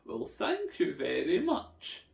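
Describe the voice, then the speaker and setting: Soft polite friendly monster guy, man doing the voice, lively ups and downs. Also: high-pitched, slow, vocal fry, distant mic, voice pushed up, heavily acted. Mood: gentle. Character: big friendly male lake monster, gentle. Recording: echoey room.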